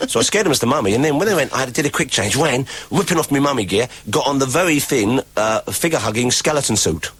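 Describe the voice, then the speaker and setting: Radio host, male, hoarse with a cold, lively up-and-down delivery, mock-pompous rants, taped off the air. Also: medium pitch, fast, few pauses, dry recording. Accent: London. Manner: theatrical mock-rant. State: has a cold. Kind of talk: rambling comic chat. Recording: cassette tape of a radio broadcast.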